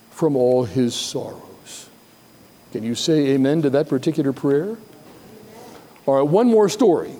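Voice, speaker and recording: A man preaching a sermon, telling stories and reading a passage aloud with dramatic pauses. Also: fairly high pitch, mellow. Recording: long reverb of a large hall.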